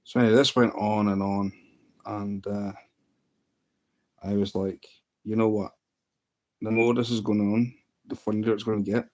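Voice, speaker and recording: A man's voice: fairly low pitch, flat delivery, moderate pace, pauses often, a little mellow. A man hosting a livestream, telling a story in a rambling, amused way with lots of restarts. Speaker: livestream host. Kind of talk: casual livestream chat.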